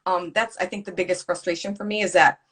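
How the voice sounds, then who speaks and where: A woman guest in a casual conversation, telling her story in an animated way and swearing freely. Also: on the low side, quick pace, breathy edge.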